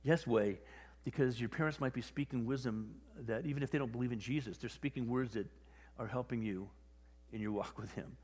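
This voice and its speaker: A male pastor preaching in a casual, animated style, with a voice of ordinary middle pitch. He talks to the congregation like he is chatting with them, slipping into quoted voices as he goes. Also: fairly quick, slightly rough, long reverb tail. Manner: conversational, animated, acts out quotes. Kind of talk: sermon.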